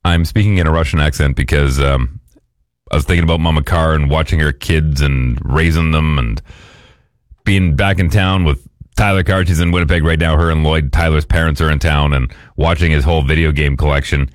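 A radio host voicing a man with a put-on Russian accent, talking in a slow, low, deliberate way. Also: steady tone, dry recording, clean studio sound. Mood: playful.

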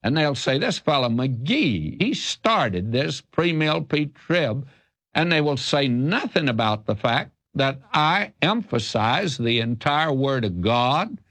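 A man's voice: medium pitch, fairly bright tone, dry recording. An older man from the South, a radio Bible teacher answering a listener's question in an earnest, emphatic, folksy preacher's cadence. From American South.

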